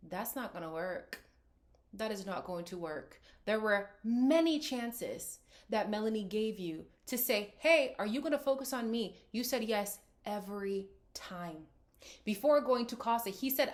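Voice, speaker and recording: A woman talks through a reality TV episode in a frank, casual way. Her voice sits a little high. She slips into the cast's lines as she quotes them. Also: lively intonation, a little slow. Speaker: reality TV recap host. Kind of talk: casual reaction commentary.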